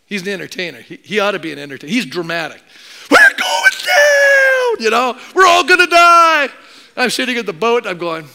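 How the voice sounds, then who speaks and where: A male pastor from Canada preaching a sermon in a church, telling stories with lively acted-out quotes and joking with the congregation. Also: high-pitched, creaky. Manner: animated storytelling, acts out quoted voices, jokes with the congregation.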